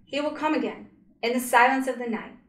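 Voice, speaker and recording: A woman voicing a gentle angel who speaks softly and calmly to reassure a child. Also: high voice, brisk, recorded from a distance. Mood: soothing. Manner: soft, hushed, calm reassurance. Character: gentle soothing female angel spirit. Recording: roomy echo.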